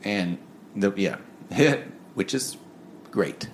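A man's voice: on the low side, lively intonation, extremely slow, slight background noise. A man co-hosting a music review show, talking earnestly in a rambling way with many fillers. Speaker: podcast co-host. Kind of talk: casual music review chat.

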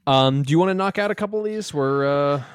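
A man co-hosting a casual comedy podcast, making wry, profane, deadpan remarks. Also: fairly high pitch, fast talker, smooth, no room sound, studio quality. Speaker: podcast co-host.

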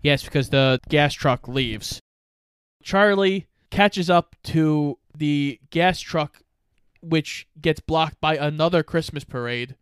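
A man's voice: a little high, takes it slowly, smooth, no echo. A man co-hosting a podcast, steadily summarizing a movie plot with dry asides. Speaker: podcast co-host. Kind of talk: casual movie recap chat.

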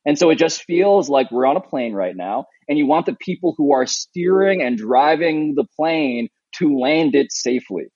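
A husky-voiced man in his thirties from New York talks in a loose, rambling, earnest way, full of "like" and restarts. He sounds short on sleep. The sound is dry and slightly muffled, as if it comes over a remote line. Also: a little high, lively intonation, normal speed, few pauses, a little mellow, dry recording. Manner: rambling, earnest, many fillers. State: sleep-deprived new father. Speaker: podcast co-host. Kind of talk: casual remote chat.

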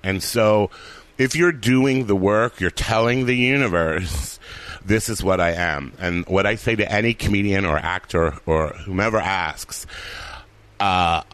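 A man's voice: low voice, measured pace. A man, an actor and comedian, chatting casually and acting out the voices in his stories. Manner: animated storyteller, acts out quoted voices. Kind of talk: casual conversation.

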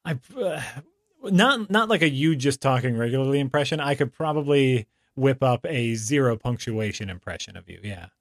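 A man's voice: mid-range voice, animated, moderate pace. A man co-hosting a podcast in casual chat, talking in a hesitant, chatty way that often trails into restarts. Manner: chatty, hesitant, laughs easily. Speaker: podcast co-host.

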